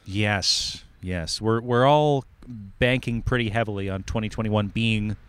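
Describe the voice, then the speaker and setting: A man's voice: lowish voice, unhurried, a bit bright, clean tone. A man co-hosting a casual comedic chat, tossing in dry, wry remarks. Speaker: podcast co-host.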